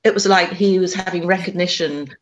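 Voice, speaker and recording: A woman's voice: deep voice, a bit bright, highs cut off. A woman, an author and spiritual medium, telling her story in an interview, with frequent ums and restarts. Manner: halting, many restarts and ums.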